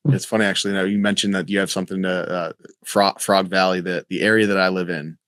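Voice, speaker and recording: Chatty man with a lowish voice. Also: flat delivery, a bit bright, no echo, studio quality. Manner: chatty, quick bursts, swears casually. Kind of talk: casual chat.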